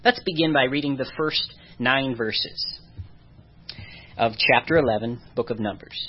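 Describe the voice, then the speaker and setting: A preacher giving a conversational sermon, chuckling softly now and then. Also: mid-range voice, unhurried, breathy edge. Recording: dull lo-fi recording.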